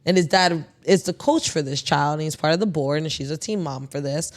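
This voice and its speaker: A woman in her thirties with a slightly low voice, co-hosting a casual podcast. She tells her story bluntly and with a lot of energy, and she swears without holding back. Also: a little fast. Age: 30s. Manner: animated, blunt storyteller who swears freely. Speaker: podcast co-host.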